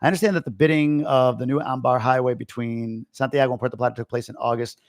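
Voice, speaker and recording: An American man from Long Island, New York, hosts a casual live-stream, reading viewer comments aloud and answering them bluntly and with strong opinions. His mid-range voice is fast with fairly even intonation. There's no room sound, just clean studio audio.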